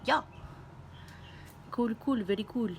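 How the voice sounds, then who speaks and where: A woman's voice: on the high side, slow pace, gravelly, very noisy. A woman from Southern California, vlogging casually at home, who is playful and chatty, swears freely and coos in baby talk to her pets.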